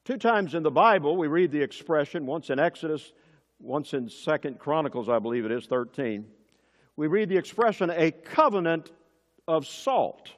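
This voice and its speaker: A man preaching a sermon as pastor, building to emphatic, forceful peaks and dropping back to quiet asides. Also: lively intonation, normal speed. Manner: emphatic preaching with sudden rises in pitch and force. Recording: long hall reverb.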